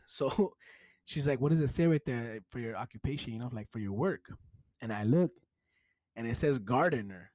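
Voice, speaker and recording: With a medium-pitched, darkish-toned voice and no room sound, this young American podcast host speaks in Chicano English. He tells an animated story at a moderate pace, casual and profane, laughing often.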